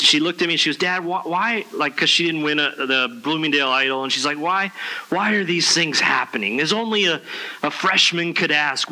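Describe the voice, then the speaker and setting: A pastor delivers a relaxed, conversational sermon, slipping into casual slang and lively retellings. His voice sits a little high for a man and has a very bright, forward tone. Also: rough recording.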